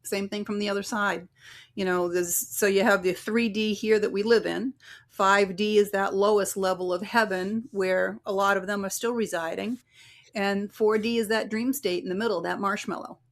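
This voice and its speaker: A woman's voice: mid-range voice, steady tone, moderate pace. A woman guest on an interview podcast, a psychic medium and relationship coach, telling stories casually and acting out the voices of the people in them. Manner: chatty, acts out quoted voices in anecdotes.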